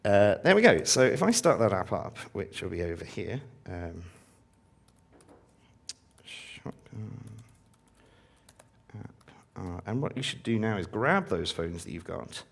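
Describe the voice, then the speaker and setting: A man's voice: fairly low pitch, very animated, normal speed, creaky, few pauses. A man giving a casual live-coding talk to a conference audience, full of ums and uhs. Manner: casual, filler-heavy, upbeat when engaging audience. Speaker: conference speaker.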